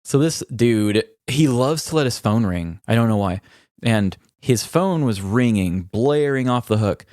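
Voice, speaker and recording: A man co-hosting a podcast in casual chat, retelling work stories with lively mimicked quotes. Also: mid-range voice, a little slow, no room sound, studio quality. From Missouri, US. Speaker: podcast co-host.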